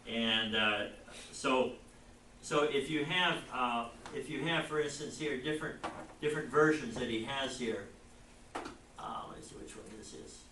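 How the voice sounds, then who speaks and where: A man teaching a Bible class, lecturing in a rambling, halting way and putting questions to the class. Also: mid-range voice, background noise. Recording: echoey classroom recorded from far off.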